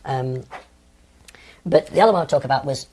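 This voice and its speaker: A man's voice: medium pitch, moderate pace, darkish tone. A man in his sixties from England, an interview guest recounting personal experiences in a hesitant way, with frequent ums and restarts. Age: 60s.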